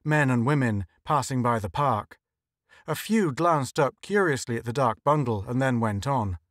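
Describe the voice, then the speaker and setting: A man narrating a story in a measured, even audiobook reading. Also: medium pitch, dry recording, clean studio sound. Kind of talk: scripted narration.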